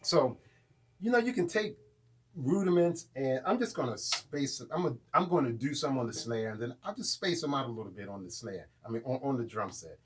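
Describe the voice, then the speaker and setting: A man's voice: medium pitch, lively intonation, brisk, husky. A man teaching a live beginner drum lesson, chanting rudiment names and counts as he plays and checking in with "right?". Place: room with a drum kit. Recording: loud drums under the voice. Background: drum kit playing.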